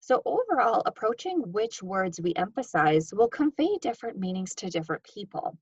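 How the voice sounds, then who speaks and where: This workshop co-presenter speaks in a mid-range, very animated voice with a breathy edge, moving at a moderate pace as she guides listeners through examples. She reads sample sentences with changing stress, captured on a dull, dry lo-fi mic with no room sound.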